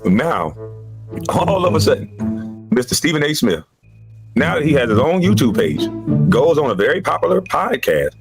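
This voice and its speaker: A former basketball player in a heated podcast monologue, ranting with emphatic repetition. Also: male voice, a little high, very animated, normal speed, creaky, pauses often, loud music behind the voice.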